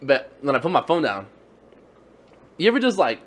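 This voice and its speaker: Young male co-host, lively storyteller, casual slang, laughs a lot. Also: fairly high pitch, moderate pace. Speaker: podcast co-host. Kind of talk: casual chat.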